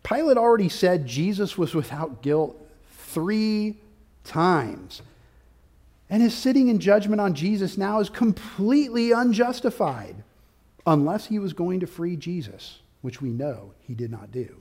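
A man preaching an expository sermon, walking through his outline point by point and rising to forceful, loud peaks of emphasis. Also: high-pitched, animated, a little slow. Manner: outlined teaching with subpoints. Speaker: pastor.

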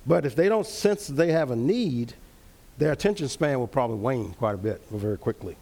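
A man leading an interactive Bible study, teaching earnestly, repeating key phrases and reading verses slowly. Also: mid-range voice, animated, creaky, mellow.

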